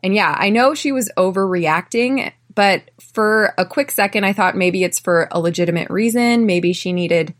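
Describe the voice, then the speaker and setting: An American woman hosting an English-learning podcast, telling personal stories and drilling phrases slowly for listeners to repeat. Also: mid-range voice. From United States. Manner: clear, slow drilling in repeat-after-me phrases; chatty, often tags lines with "right?". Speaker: podcast host and English teacher. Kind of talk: podcast lesson.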